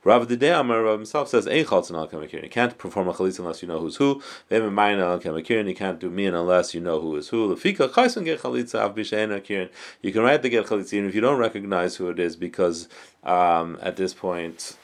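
A man's voice: deep voice, expressive, quick pace. A man teaching a Talmud class, reading the text phrase by phrase and translating it, with frequent restarts and self-corrections.

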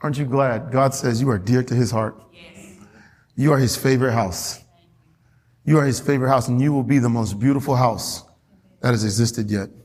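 A man's voice: medium pitch, normal speed, pauses often, a little mellow. A man preaching a fervent, emphatic sermon as pastor, reading scripture aloud to his church. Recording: long reverb in a church hall.

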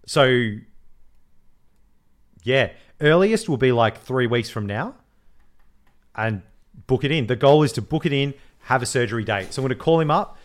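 A man's voice: medium pitch, normal speed, pauses often. A man, co-hosting a podcast in casual, laughing banter. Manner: animated, swearing, laughing banter. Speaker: podcast co-host. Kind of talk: casual chat.

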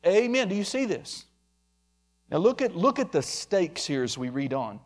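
A man's voice: sits high, big pitch swings, normal speed. A man preaching a sermon emphatically, calling out members of the congregation by name. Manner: emphatic, addresses listeners by name.

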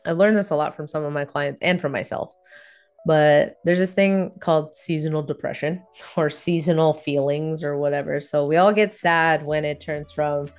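A young woman with a notably low voice talks through her own reflections on a solo podcast. She is earnest and candid and circles back to the same reassuring phrases. Faint music sits quietly behind her. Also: fairly even intonation, normal speed, smooth. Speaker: podcast host.

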